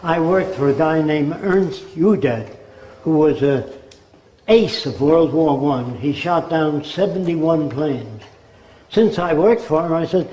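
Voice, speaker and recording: A man's voice: on the high side, lively intonation, slow, mellow, roomy sound, rough recording. An older man giving a rambling, informal lecture and mimicking accents to make his points.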